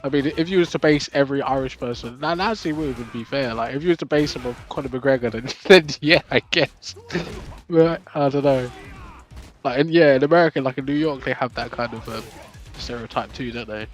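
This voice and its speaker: A man chats with his stream viewers in a loose, rambling way, restarting his sentences and filling gaps as he goes. His voice sits at an ordinary middle pitch, and soft music plays faintly behind him. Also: fast. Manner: loose and chatty, many fillers and restarts. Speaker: live streamer. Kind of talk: casual chat with viewers.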